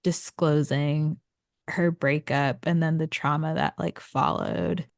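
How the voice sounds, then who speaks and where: A woman's voice: deep voice, fairly even intonation, vocal fry, no echo, clean studio sound. A woman co-hosting a casual book podcast, summarizing plot points with frequent fillers. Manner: conversational, frequent fillers and quick agreement. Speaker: podcast co-host. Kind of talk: casual book recap chat.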